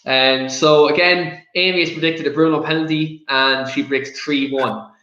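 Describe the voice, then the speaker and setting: A fairly high-voiced Irish man hosts a casual football chat. He talks with passion, goes off on rants and slips into giggles. The sound is roomy and a little dull, as if recorded in an echoey space. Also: fairly even intonation, normal speed, sharp tone. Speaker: podcast host.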